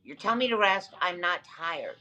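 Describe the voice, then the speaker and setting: Exhausted, a woman hosting a livestream talks back to her chat emphatically and repetitively in casual talk. Her voice is lowish and sharp-toned, animated at a moderate pace, and the audio is poor.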